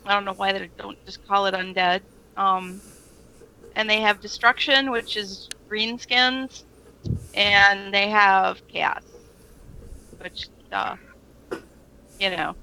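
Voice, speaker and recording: A woman co-hosting a relaxed podcast, talking at an unhurried pace. Her voice is bright and crisp, with a gravelly fry underneath. She rambles along with plenty of fillers. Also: mid-range voice, slight background noise, rough recording. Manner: chatty, rambling storyteller with frequent fillers and laughs. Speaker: podcast co-host. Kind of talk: casual chat.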